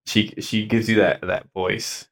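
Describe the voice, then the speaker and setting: A man's voice: on the low side, flat delivery, measured pace, vocal fry, a bit bright. A young man hosting a casual podcast chat, swearing often and restarting his sentences. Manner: swears a lot, restarts, fussy about the intro. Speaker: podcast host.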